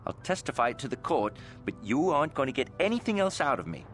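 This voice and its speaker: A man's voice: medium pitch, very animated, fast, lightly acted. An actor playing a wary, streetwise male witness in a video game, guarded and reluctant to say more. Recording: game audio with faint music.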